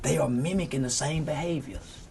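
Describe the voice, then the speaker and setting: A man's voice: a little high, brisk, gravelly, a little mellow, breathy edge. Profane, preachy man ranting in an interview. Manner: profane, preachy, impassioned, cites scripture. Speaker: interview guest. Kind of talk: heated, unfiltered interview rant.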